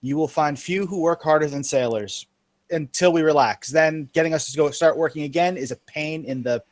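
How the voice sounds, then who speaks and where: A man's voice: fairly high pitch, moderate pace, no room sound. A man role-playing at a tabletop game in a wry, matter-of-fact way. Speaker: player.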